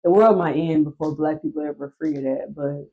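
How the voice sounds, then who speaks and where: A young adult woman co-hosting a podcast in casual chat, laid-back and playful, quick to agree. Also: sits low, steady tone, breathy edge, dull audio. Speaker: podcast co-host.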